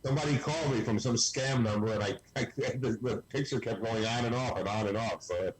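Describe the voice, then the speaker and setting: A man in his sixties chatting as a guest on a video call, cracking deadpan jokes. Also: medium pitch, fairly quick, crowd noise, rough recording. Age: 60s. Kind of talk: casual video call chat.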